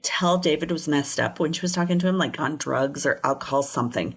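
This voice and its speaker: Woman, low register, podcast co-host; casual true-crime retelling, quotes people in little voices. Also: fairly quick, husky.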